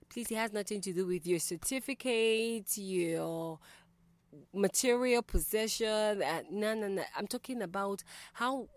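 A woman's voice: medium pitch, no echo. A woman hosting a call-in radio show, talking in a reflective, conversational way and putting questions to her listeners.

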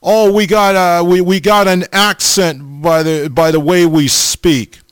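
Male preacher, informal sermon, slow deliberate delivery, smooth clear tone, slightly high voice. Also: fairly even intonation, no echo. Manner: slow, halting, repeats the audience name often.

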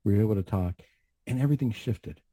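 A man's voice: fairly low pitch, fast, dark tone, no room sound. Counselor guy telling a faith story on a talk show, earnest, lots of asides, dry close sound. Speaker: mental health counselor.

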